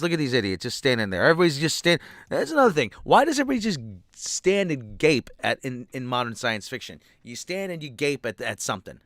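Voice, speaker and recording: A man's voice: medium pitch, a bit bright, no echo, studio quality. A man ranting sarcastically and with profanity while reviewing a show, exasperated throughout. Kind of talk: ranting commentary.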